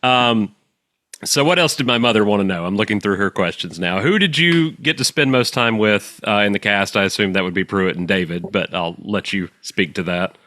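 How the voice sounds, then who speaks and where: A man's voice: on the low side, moderate pace, bright, forceful tone, dry recording, studio quality. A man hosting an interview, eager and enthusiastic as he asks his questions. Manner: enthusiastic fan asking questions. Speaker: podcast host interviewer. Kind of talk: casual interview.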